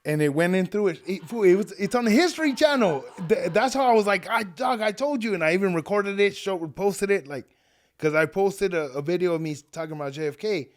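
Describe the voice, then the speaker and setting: A man's voice: high-pitched, animated, fairly quick. A man who is a podcast guest, talking in a laid-back, slangy, joking way. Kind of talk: casual podcast chat.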